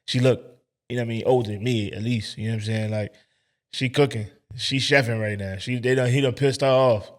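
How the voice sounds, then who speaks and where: A man's voice: mid-range voice, fairly even intonation, brisk. A man hosting a reaction video, making casual commentary in a blunt, profane, mocking way.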